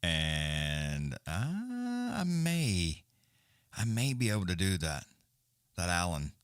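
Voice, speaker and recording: A man's voice: low voice, takes it slowly, clear, resonant tone, dry recording, clean studio sound. A man hosting a live stream, rambling casually with lots of swearing. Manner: rambling, profane, animated. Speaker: livestream host.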